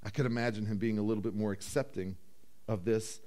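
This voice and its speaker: Preaching in church, the pastor brings his story to life by acting out voices, and he goes quiet and slow for emphasis.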